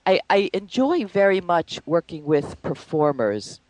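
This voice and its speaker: A woman's voice: on the low side, very animated, a little slow, a little mellow, dry recording, rough recording. Thoughtful woman teacher, dry sound. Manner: thoughtful, storytelling, frequent fillers. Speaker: Alexander Technique teacher. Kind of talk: conversational interview.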